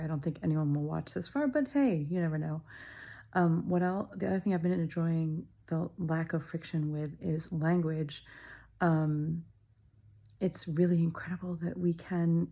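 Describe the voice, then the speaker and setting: A woman's voice: fairly low pitch, steady tone, normal speed, mellow. A middle-aged woman talking to camera in her childhood home, musing aloud with wry, self-deprecating humor and frequent ums. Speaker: vlogger. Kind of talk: casual reflective monologue.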